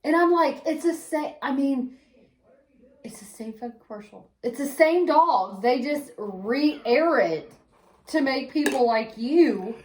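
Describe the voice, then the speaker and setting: A woman with a somewhat high voice tells stories bluntly and swears freely in relaxed chat. Her voice rings around an echoey room. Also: slow pace. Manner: blunt, profane storytelling. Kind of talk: casual chat.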